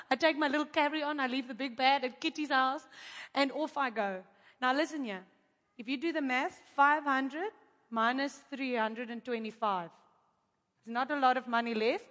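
High-voiced woman preacher. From South Africa. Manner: animated, chatty storytelling with asides to the audience. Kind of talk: testimony in a sermon. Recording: long hall reverb.

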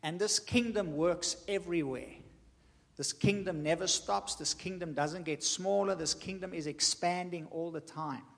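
A man with a notably high voice delivers a sermon. He hammers his points home by repeating them in an emphatic teaching cadence. His voice carries a long reverb from the church hall. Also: measured pace, creaky. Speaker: preacher.

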